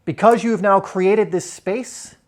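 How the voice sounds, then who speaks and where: A man's voice: high voice, measured pace. A young man teaching at a whiteboard in an earnest, conversational way, with shifting emphasis. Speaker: self-help coach.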